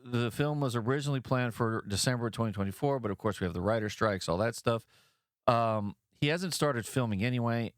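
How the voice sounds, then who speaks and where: A man with a somewhat low voice hosts a news podcast and rants in blunt, profane commentary. He keeps mocking the people he criticizes. The sound is dry and close, with no room around it. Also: clean tone, no room sound. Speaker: podcast host.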